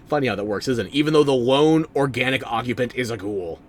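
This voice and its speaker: A male streamer chats over his gameplay with a dry, sarcastic edge. His pitch swings a lot as he talks. He is at an average pitch for a man. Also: expressive, fairly quick. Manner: wry, sarcastic, talks back to chat. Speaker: streamer playing a game. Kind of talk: casual gameplay commentary.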